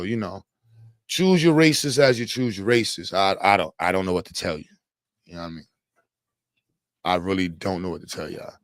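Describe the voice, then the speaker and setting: A man with a lowish voice hosts a livestream, talking loosely and jokingly in heavy slang. The sound is dry and close, with no room around it. He rambles from thought to thought as he chats with the viewers. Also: dry recording. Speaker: livestream host. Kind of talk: casual live chat with viewers.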